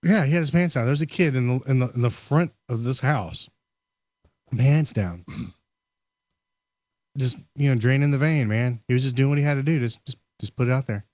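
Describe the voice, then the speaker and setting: A man hosting a casual podcast chat, telling stories in an animated way and laughing often. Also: medium pitch, normal speed, pauses often, no echo. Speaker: podcast host.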